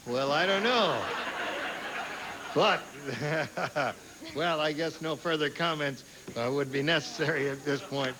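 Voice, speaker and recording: A man's voice: fairly high pitch, slow pace. A man hosting a TV game show, joking and laughing often with guests on stage. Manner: jokey, animated, laughs often. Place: TV studio stage with audience. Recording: noisy old TV broadcast.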